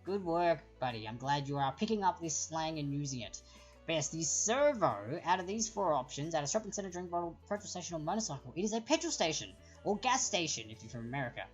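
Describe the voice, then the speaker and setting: A woman's voice: sits low, big pitch swings, fast talker, faint music behind. Chatty Australian woman hosting a quiz. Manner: chatty and explanatory, reads out options and answers chat comments. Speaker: trivia quiz host. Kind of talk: live-streamed quiz hosting. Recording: dull lo-fi stream audio.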